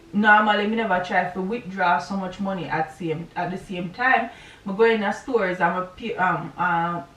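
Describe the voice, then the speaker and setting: A vlogger with a Jamaican accent and a mid-range voice rambles through a personal story, chatting casually, adding asides, and checking in with the listener. She sounds far from the mic in a reverberant space, and the recording is rough.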